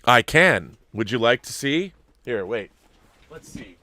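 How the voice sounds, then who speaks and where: A man's voice: mid-range voice, lively intonation, slow, sharp tone. A man hosting a live-streamed talk show, chatting casually to viewers in a rambling, stop-start way at a desk mic.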